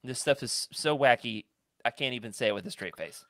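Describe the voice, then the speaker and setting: A man co-hosting a podcast, bouncing through a joking, playful chat with a lively, swinging pitch. His voice sits at an ordinary middle height and sounds dry and close, with no room around it. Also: fairly quick, dry recording. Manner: joking, animated, laughs often. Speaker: podcast co-host. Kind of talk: casual chat.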